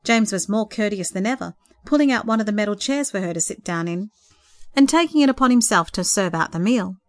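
A woman narrating a story in a gentle, expressive reading voice. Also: medium pitch, brisk, dry recording.

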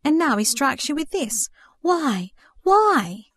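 A woman's voice: on the high side, animated, fairly quick, no echo, studio quality. A woman voicing a grieving young man in a storybook reading, stormy and pleading. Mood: angry grief. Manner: stormy, pleading, breaking into sobs.

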